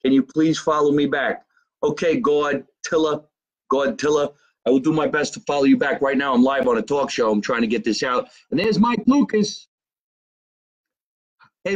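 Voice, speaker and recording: A man with a New Jersey accent hosting a live stream from his basement, reading out viewer comments in a brash, profane, fast-talking way. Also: mid-range voice, steady tone, rough recording. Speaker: comedian hosting a live show. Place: home basement.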